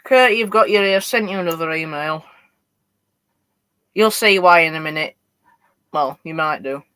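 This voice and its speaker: A man's voice: on the high side, normal speed, bright, forceful tone, clean tone, poor audio. A teenage male host with a Yorkshire accent, chatting casually on a live stream and answering viewers' messages while running model trains. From Yorkshire, England. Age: teens. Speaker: livestream host.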